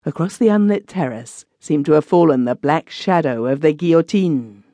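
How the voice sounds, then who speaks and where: A woman's voice: sits low, animated, normal speed, dark tone, dry recording. Woman narrating a classic story. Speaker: audiobook narrator. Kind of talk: scripted narration.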